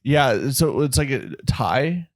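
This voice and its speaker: A man hosting a comedy podcast, playing along with bits in a laid-back deadpan. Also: mid-range voice, takes it slowly, dry recording, clean studio sound. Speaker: podcast host. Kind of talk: casual podcast banter.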